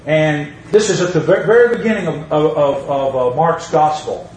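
A man's voice: fairly high pitch, normal speed, a little mellow, roomy sound, far from the mic, slight background noise, low-quality recording. A man preaching a sermon, reading scripture aloud and driving points home by repeating them. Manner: emphatic, repeats phrases, reads scripture aloud.

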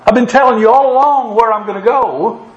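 A preacher with a notably high voice delivers his sermon in a rising, emphatic cadence. He quotes scripture and presses his points home. The sound carries the ring of a reverberant room. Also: fairly quick, highs cut off.

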